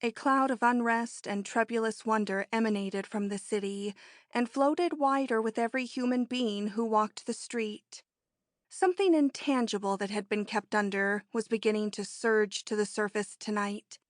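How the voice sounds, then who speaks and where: A woman narrating an audiobook in a measured, even storytelling manner on a close mic. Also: mid-range voice, no room sound. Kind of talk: scripted narration.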